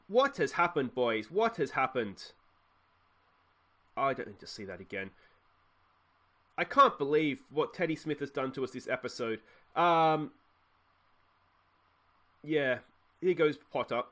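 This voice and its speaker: A young Australian man commentating his own football management game, talking casually and breaking into exasperated yells. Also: medium pitch. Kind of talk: let's-play commentary.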